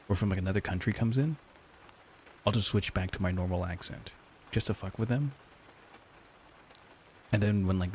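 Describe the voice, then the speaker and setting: Male streamer, casual chat, crude jokes, stammering, fairly low voice. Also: darkish tone, a little hiss or hum. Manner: crude joking, stammering restarts, frequent laughter.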